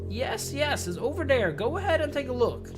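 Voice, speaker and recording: A man voicing a chatty old male village shopkeeper with a put-on Southern American accent, pitched higher and drawling out his eager questions. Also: very animated, moderate pace. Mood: encouraging. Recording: game music playing behind.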